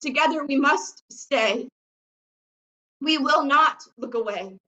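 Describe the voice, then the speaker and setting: A woman's voice: sits high, slow, sharp tone, lo-fi sound. A woman poet performing spoken-word poetry over a video call, impassioned and rhythmic, repeating her phrases.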